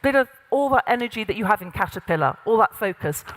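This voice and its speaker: A middle-aged woman, a voice and presence coach, runs an interactive workshop for a group in a large room, giving directions and demonstrating exercises. She talks fast and animatedly at a medium pitch. The recording carries the long reverb of a big hall.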